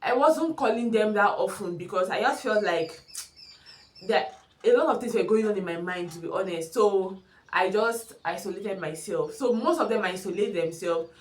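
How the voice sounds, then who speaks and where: A woman's voice: medium pitch, moderate pace. Earnest young woman vlogging. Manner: earnest, emphatic, addresses viewers directly. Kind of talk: casual advice talk to camera. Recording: echoey room.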